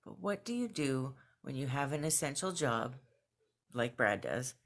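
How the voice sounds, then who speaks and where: A woman's voice: a bass voice, unhurried. Chatty woman telling a road trip story. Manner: chatty, animated when quoting herself, laughs between phrases. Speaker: vlogger. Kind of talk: casual video journal storytelling. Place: at home with her cat nearby.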